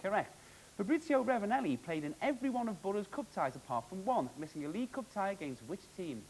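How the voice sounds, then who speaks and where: A man hosting a TV quiz, with a high, very lively voice that jumps around a lot. He reads the questions briskly and throws in quick jokes. A faint hiss sits under the old broadcast recording. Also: poor audio. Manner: jokey, upbeat, quick quizmaster delivery. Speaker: quiz show host.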